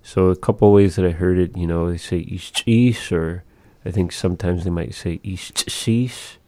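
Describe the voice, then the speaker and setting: Deep mellow guy teaching words of his language, repeats stuff patiently. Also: fairly even intonation, normal speed, no echo. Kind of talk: casual language lesson.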